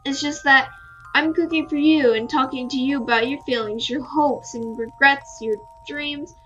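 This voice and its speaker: A woman voicing a gentle Fae nobleman. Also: high-pitched, steady tone, moderate pace, lo-fi sound, soft background music. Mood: wistful. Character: male Fae noble, calm and courteous. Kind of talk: reading a visual novel aloud.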